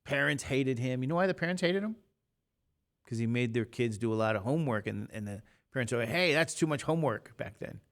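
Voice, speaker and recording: A man's voice: mid-range voice, a little fast. A man in his fifties, a math teacher talking casually and rambling to his class between examples. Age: 50s. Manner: chatty, rambling, jokey asides to students.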